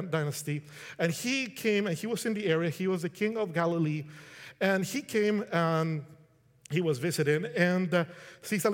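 A middle-aged man from Colombia, giving a casual, conversational sermon and acting out quotes. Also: high voice. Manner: conversational, restarts, acts out quotes. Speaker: preacher. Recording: long hall reverb.

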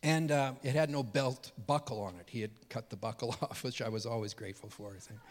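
A man preaching a sermon as a pastor, telling a personal story earnestly, dropping low and quiet and then rising loud and high when moved. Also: fairly quick. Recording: reverberant hall.

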